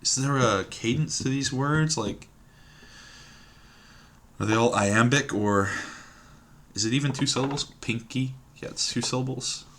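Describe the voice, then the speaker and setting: A man's voice: medium pitch, a little slow, pauses often, a bit bright, slight background noise. A man thinking aloud while solving a word puzzle at his computer, musing and hesitant, trailing off and repeating words to himself. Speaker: puzzle game streamer.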